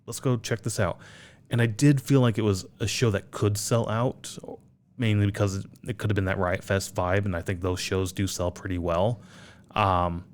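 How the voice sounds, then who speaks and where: A man co-hosts a podcast, chatting casually and rambling while swearing freely. His voice is lowish, with fairly even intonation and a moderate pace.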